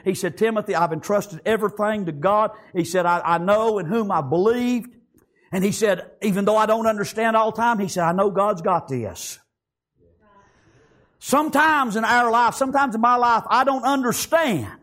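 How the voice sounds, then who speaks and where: High-pitched preacher, shouting and hushed. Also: male voice. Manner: swings from shouted high peaks to low quiet passages, frequent "amen". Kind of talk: sermon.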